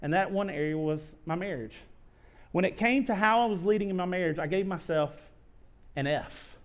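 Man in his thirties, pastor, sermon, earnest and confessional, higher voice, lots of restarts. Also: moderate pace. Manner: earnest and confessional, with frequent restarts and repeated phrases. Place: church sanctuary.

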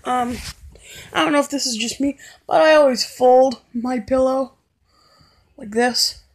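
A woman vlogging in a casual monologue, talking low and deadpan with crude remarks. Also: unhurried, poor audio.

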